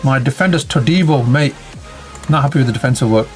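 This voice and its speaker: Over faint background music, a man with a mid-range voice talks quickly through a football management game. His commentary is casual and chatty, reacting to every play and calling out his players.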